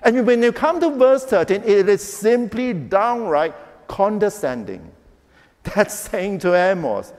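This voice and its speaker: A man preaches with a high, lively voice that jumps around as he acts out the quotes he reads. His sermon rings with the long echo of a large hall. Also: a little slow. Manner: animated preaching, acting out quotes. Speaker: pastor.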